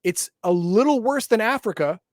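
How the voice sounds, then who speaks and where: A man's voice: sits high, expressive, normal speed, a little mellow, no room sound, clean studio sound. A man co-hosting a casual chat, explaining tabletop game lore in a loose, hedging way. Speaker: podcast co-host.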